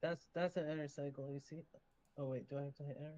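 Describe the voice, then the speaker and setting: A man's voice: on the high side, steady tone, fast, darkish tone, highs cut off. A man running a tabletop game who explains rules casually, with many fillers and restarts. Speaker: game master.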